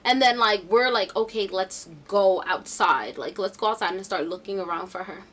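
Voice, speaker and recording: A young woman vlogger telling a casual storytime, chatty and animated with slangy asides. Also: mid-range voice, moderate pace.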